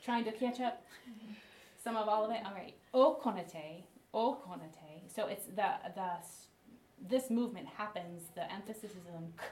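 A woman's voice: medium pitch, steady tone, moderate pace. A woman teaching a workshop group, chanting rhythmic phrases and showing the motions. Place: classroom with participants. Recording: echoey room, mic from far off, loud noise.

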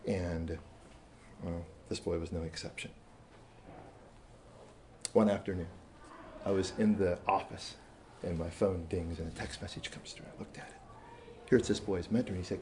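A man telling a story to a room of teachers, animated and shifting between loud emphasis and quiet asides. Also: sits low, moderate pace, long pauses, slight background noise. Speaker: speaker addressing teachers. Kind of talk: storytelling talk to an audience.

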